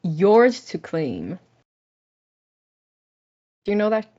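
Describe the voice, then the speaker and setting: A woman co-hosting a live stream, chatting casually, excitable and quick to swear and giggle. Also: medium pitch, lo-fi sound. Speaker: VTuber co-host.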